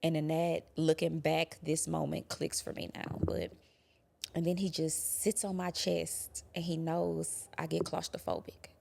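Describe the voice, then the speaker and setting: Low gravelly woman telling her story. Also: little pitch movement. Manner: quiet, halting, drops to a whisper at hard moments. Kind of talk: personal testimony.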